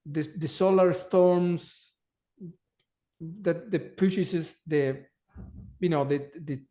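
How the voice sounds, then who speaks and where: Slow, halting man with a higher voice. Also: warm tone. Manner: slow, halting, many repeated words. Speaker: polar travel company guest. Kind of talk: interview answers.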